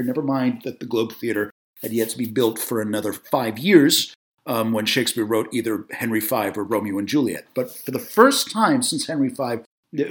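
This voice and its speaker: A man giving a spoken video essay on film, opinionated and talkative, with frequent fillers and self-corrections. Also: medium pitch.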